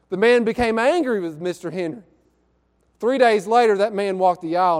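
A man preaching a sermon, telling a story in an earnest way and drawing out key words slowly. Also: high voice, in a large hall. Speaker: pastor. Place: church sanctuary.

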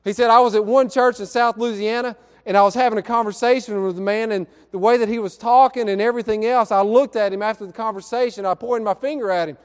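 A man preaching a sermon, telling a story in an earnest way and drawing out key words slowly. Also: sits high, fairly even intonation, smooth, in a large hall. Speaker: pastor. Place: church sanctuary.

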